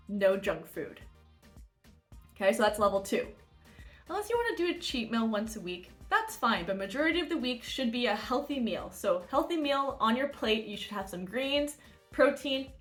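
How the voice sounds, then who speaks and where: A woman competing in bodybuilding, telling a story and giving diet tips in a chatty, animated way that swears freely. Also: mid-range voice. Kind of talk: casual storytelling vlog.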